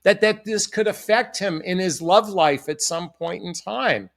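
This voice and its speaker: A man's voice: high voice, unhurried, gravelly, a bit bright. A middle-aged man, a dating coach, talking earnestly and reflectively to camera, repeating phrases for emphasis. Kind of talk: direct-to-camera advice talk.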